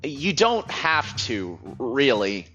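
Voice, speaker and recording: A man's voice: mid-range voice, sing-song, slow, sharp tone, heavily acted. A man voicing a hesitant new office worker. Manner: hesitant, unsure. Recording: slightly muffled, music faint.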